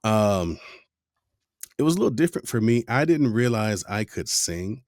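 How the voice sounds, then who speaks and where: A man's voice: lowish voice, big pitch swings, moderate pace, a little mellow, dry recording, clean studio sound. A man hosting a podcast interview, talking in a laid-back, reflective way. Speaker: podcast host. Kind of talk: casual interview chat.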